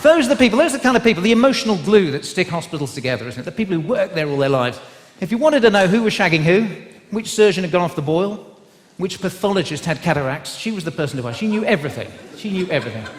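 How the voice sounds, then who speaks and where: A West Country man from England does stand-up before a large theatre crowd, his high, sing-song voice moving quickly. He chats with and teases the audience using tag questions; the live hall recording picks up a slight hiss or hum and audience laughter.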